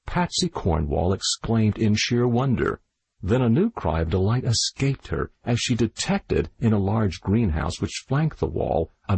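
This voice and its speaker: A man reading a mystery novel aloud in measured scripted narration, with a husky voice. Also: lowish voice, darkish tone, dry recording, low-quality recording. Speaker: audiobook narrator.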